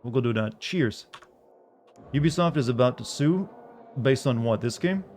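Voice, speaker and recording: A man's voice: medium pitch, lively intonation, moderate pace, darkish tone, slight background noise. A young man streaming a video game, chatting casually with viewers in a rambling way, full of filler words. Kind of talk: casual gameplay chat with viewers.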